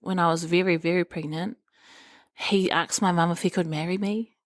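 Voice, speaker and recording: A woman's voice: on the low side, moderate pace, dry recording. A woman guest on a podcast, sharing her personal faith story in a chatty, casual way. She laughs often and acts out the people she quotes. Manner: lively, acts out quoted people with playful voices.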